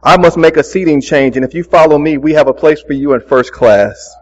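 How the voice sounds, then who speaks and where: A preacher reading a polite flight attendant. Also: male voice, a little high, fairly quick, highs cut off, lightly acted. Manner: courteous, calm.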